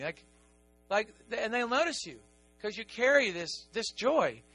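A middle-aged man preaching a sermon as pastor, animated, moving from quiet asides to excited emphasis. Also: sits high, unhurried, soft background music.

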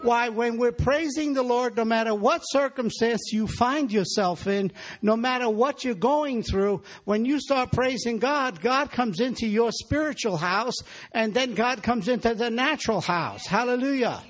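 A man's voice: very high-pitched, measured pace. A man preaching a sermon in a church, exhorting the congregation and calling for their responses.

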